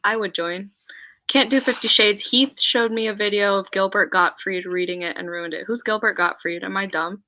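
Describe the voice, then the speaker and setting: A woman's voice: medium pitch, fairly even intonation, normal speed, pushed and bright. A young woman hosting a casual livestream chat, giggly and chatty with plenty of swearing. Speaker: livestream host.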